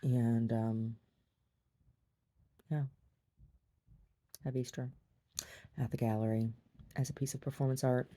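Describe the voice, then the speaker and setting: A woman's voice: extremely low pitch, level tone, slow, pauses often, warm tone. A middle-aged woman, a gallery owner, chatting in a meandering, giggly way in a casual monologue.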